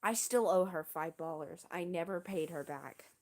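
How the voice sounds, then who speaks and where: A woman's voice: lowish voice, normal speed, slight background noise. A young woman streamer telling a story in a casual, rambling, self-deprecating way, full of slang.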